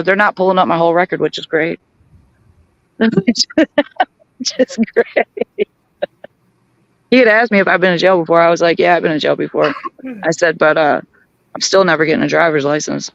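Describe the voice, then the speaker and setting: A man telling a story in a casual group chat, animated, acting out both sides of the conversation and laughing often. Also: fairly high pitch, gravelly, no echo, highs cut off. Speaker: guest on a group chat show.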